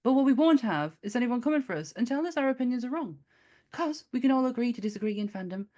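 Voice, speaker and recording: A chatty, giggly woman hosts a podcast, her voice bouncing up and down with lively, sing-song pitch. She talks in a relaxed, casual way and breaks into laughter often. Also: fast. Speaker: podcast host.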